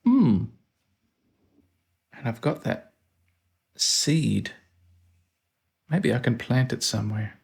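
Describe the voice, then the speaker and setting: A man's voice: mid-range voice, big pitch swings, slow, vocal fry, pauses often, a little mellow, breathy edge. A man hosting a let's play, thinking aloud and reading out game commands with dry asides. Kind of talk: casual gameplay commentary.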